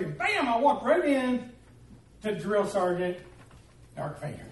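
A man's voice: high voice, big pitch swings, measured pace. A man preaching a sermon as pastor, telling stories with humor and animation. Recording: echoey room, distant mic, faint noise.

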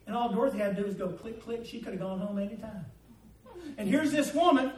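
A man preaching a sermon, telling homespun stories and swinging between loud and quiet. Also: sits high, fairly even intonation, rapid-fire. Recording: echoey room, mic at a distance.

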